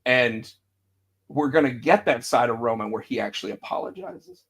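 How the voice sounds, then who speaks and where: A man's voice: moderate pace, vocal fry, husky. A man co-hosting a podcast, chatting casually about wrestling and acting out quotes with big jumps in his voice. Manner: animated, acts out quotes with big pitch jumps. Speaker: podcast co-host.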